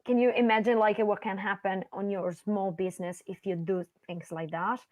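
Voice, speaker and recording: A woman co-hosting a podcast as a voice and confidence coach, talking animatedly and swinging her voice high and low to make her points over a webcam call. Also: steady tone, normal speed, a little mellow, dry recording, lo-fi sound. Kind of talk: casual podcast chat.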